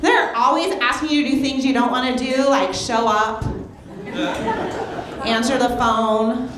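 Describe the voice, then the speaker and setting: A woman comedian doing a stand-up set, fast and brassy, acting out quoted voices. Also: sits high, steady tone, fairly bright tone, some chatter behind, a little hiss or hum. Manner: rapid, brassy delivery with big quoted voices. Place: comedy club stage. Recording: echoey club with audience laughter.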